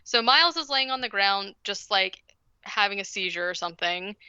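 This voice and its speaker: A woman's voice: medium pitch, lively intonation, moderate pace, pushed and bright, clear, resonant tone, highs cut off. A woman co-hosting a podcast, casually retelling a movie plot in a rambling way full of "like" and "basically". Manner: rambling, heavy use of "like". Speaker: podcast co-host.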